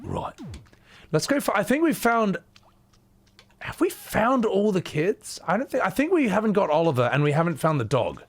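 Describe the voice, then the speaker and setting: Lively gravelly male streamer, put-on Scottish. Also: high voice, normal speed. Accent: exaggerated put-on Scottish. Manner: chatty and animated, swears freely, thanks chat often. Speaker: streamer playing a horror game. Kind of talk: casual live-stream chat with viewers.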